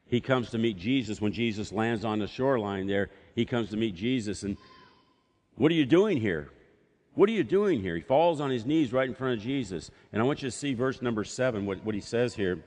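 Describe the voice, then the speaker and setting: A man's voice: on the low side, brisk, few pauses, darkish tone, big-room sound. A man preaching a sermon as pastor, telling a story and acting out voices from the scripture. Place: church sanctuary.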